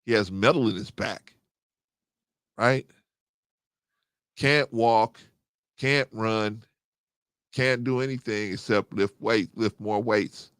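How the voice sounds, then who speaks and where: Gravelly low-voiced middle-aged man. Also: no echo, clean studio sound. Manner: animated, rising to excited high pitch when agreeing. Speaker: host. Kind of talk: casual livestream talk reading chat.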